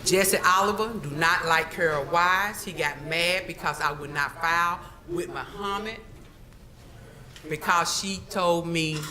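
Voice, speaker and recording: A woman's voice: on the low side, measured pace, crowd noise, rough recording. A woman giving an emphatic public comment at a board meeting, telling her story and repeating key phrases. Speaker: public commenter, former employee.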